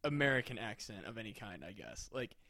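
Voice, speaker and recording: A man's voice: lowish voice, big pitch swings, fairly quick, sharp tone, no echo. Rambling, hesitant podcast man. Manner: rambling, hesitant, lots of fillers and swearing. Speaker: podcast co-host. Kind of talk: casual comedy chat.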